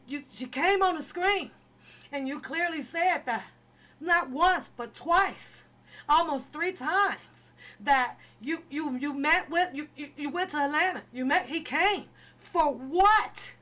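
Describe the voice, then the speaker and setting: A woman's voice: high voice, fairly bright tone. A woman commentator delivering an impassioned, profane opinion rant, pleading and repeating herself for emphasis. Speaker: online commentator.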